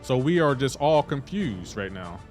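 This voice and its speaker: A man's voice: medium pitch, very animated, measured pace, darkish tone, faint music behind. A man streaming a game live, chatting casually and playfully indignant as he banters with his chat.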